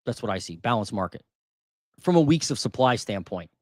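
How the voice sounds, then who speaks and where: A man's voice: on the low side, very animated, brisk, no room sound, studio quality. Casual man thinking aloud on market data. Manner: thinks aloud, restarts and repeats figures. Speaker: housing market channel host.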